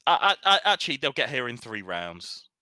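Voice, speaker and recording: A man's voice: medium pitch, sing-song, a little fast, bright, forceful tone, clean tone, no echo. A man acting as game master over a voice call, explaining the rules with frequent restarts and corrections. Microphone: home microphone on a voice call.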